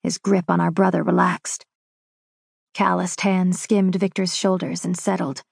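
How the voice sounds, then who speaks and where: A woman narrating a first-person fantasy romance audiobook in a dramatic, measured, intense way. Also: on the low side, level tone, gravelly, breathy edge, no echo, clean studio sound.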